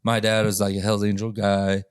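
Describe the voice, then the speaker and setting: A man's voice: on the low side, normal speed, clear, resonant tone, no room sound, studio quality. A man hosting a podcast, telling rowdy stories in a casual, profane way and laughing often, with voices for the people in them. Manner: profane, laughing, animated retelling with quoted voices. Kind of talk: casual chat, storytelling.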